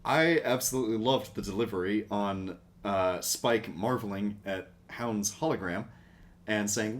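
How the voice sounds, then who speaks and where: A man's voice: lowish voice, unhurried. A man co-hosting a podcast, cracking wry jokes in casual chat and laughing as he reads out favorite lines. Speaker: podcast co-host. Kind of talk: casual chat about a cartoon.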